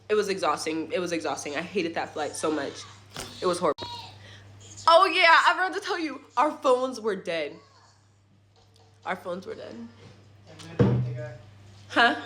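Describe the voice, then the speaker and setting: A young woman telling a rambling, animated story about her family's trip in a casual vlog at home, with swearing and side remarks. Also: mid-range voice. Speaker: family vlogger. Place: at home in a rental apartment.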